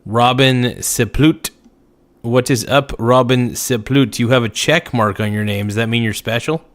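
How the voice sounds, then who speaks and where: A man hosts a casual livestream and reads viewer comments aloud. He answers each one with jokes and teasing. His drawl is unhurried, sitting at a mid pitch, and now and then he breaks into a loud outburst. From United States. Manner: joking, riffing, slow drawl with sudden outbursts. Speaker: livestream host.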